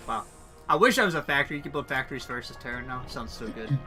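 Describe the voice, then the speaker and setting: A man's voice: medium pitch, animated, fast, sharp tone, soft background music. A man doing playful, teasing play-by-play esports commentary. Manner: playful, teasing, laughs often. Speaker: esports caster.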